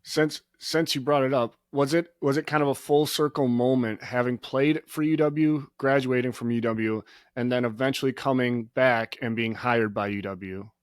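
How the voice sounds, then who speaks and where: A man's voice: mid-range voice, steady tone, moderate pace, hardly any pauses, clear, resonant tone, no room sound, studio quality. A man hosting a podcast, easygoing, laughing along and asking long, rambling questions. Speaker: podcast host. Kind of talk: casual podcast interview.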